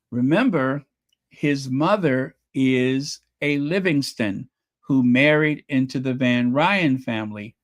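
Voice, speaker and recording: A man casually recapping a period drama episode, telling the story with animated asides and playing out the characters' lines. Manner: animated storytelling, acts out quotes with rising pitch. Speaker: show reviewer.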